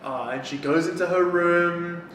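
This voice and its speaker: A man with a somewhat high voice recaps a book in casual conversation and swears freely. He sounds far from the mic in a very echoey room with faint noise behind him. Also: steady tone, measured pace, fairly bright tone. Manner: profane, retells plot acting out characters' lines. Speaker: podcast co-host. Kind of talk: casual book-review chat.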